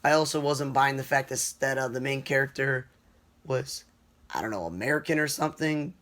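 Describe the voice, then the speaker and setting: A man's voice: medium pitch, normal speed, fairly bright tone. A man giving casual, rambling movie reviews, talking offhand with plenty of fillers and restarts.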